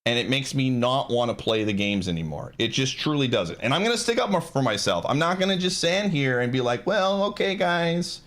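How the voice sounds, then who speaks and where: A man's voice: medium pitch, lively intonation, a little fast, few pauses, a bit bright. A man streaming live, ranting to his chat in a frustrated, emphatic, insistent way.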